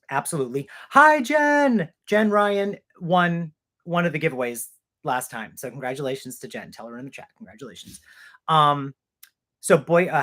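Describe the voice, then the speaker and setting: A man's voice: fairly high pitch, fairly bright tone. Male host in his thirties, talkative, rambling, self-mocking, live Q&A stream. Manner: chatty, rambling, self-deprecating. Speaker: channel host.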